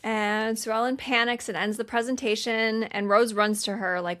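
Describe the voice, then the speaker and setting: A young woman co-hosts a rewatch podcast in loose, conversational narration. Her voice is a bit high, and she sounds indignant at the characters while she recaps. She swears casually. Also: steady tone, moderate pace, fairly bright tone. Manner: chatty, indignant, swears freely. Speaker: podcast co-host. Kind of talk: casual movie recap chat.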